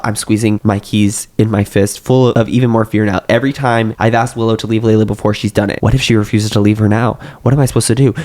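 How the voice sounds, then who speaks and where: A man's voice: lowish voice, flat delivery, fast talker, few pauses, a little mellow. A man co-hosting a show, reading a novel aloud with crude joking asides. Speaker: co-host.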